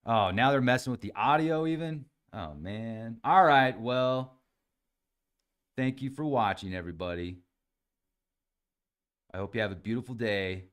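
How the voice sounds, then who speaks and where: A man's voice: medium pitch, unhurried, pauses often, fairly bright tone, clear, resonant tone. A man hosting a podcast livestream, chatting casually, reading viewer comments aloud and addressing people by name. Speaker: podcast host reading live chat comments.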